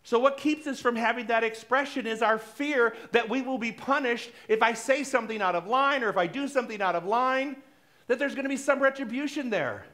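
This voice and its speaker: High-voiced man preaching a playful sermon. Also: fairly quick, fairly bright tone. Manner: conversational and playful, acting out little dialogues, laughing. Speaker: minister. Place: church sanctuary.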